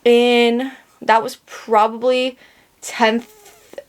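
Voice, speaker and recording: A woman's voice: fairly high pitch, flat delivery, drawn-out words. A young woman hosting a casual solo podcast, rambling and joking at herself, talking through lots of fillers and restarts while sounding a little under the weather. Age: young adult. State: sick. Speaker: podcast host.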